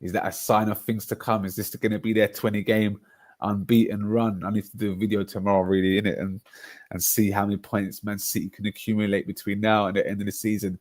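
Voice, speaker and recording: A young man, bantering on a live football stream and reacting to chat in slangy, excitable bursts. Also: lowish voice, fast talker, dry recording.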